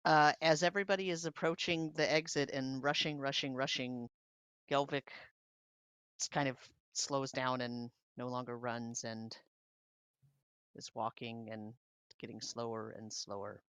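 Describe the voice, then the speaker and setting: A woman's voice: extremely low pitch, fairly even intonation, measured pace, a bit bright, smooth, dry recording. A woman playing a tabletop game, asking questions hesitantly with many fillers. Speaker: player. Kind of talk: casual tabletop play.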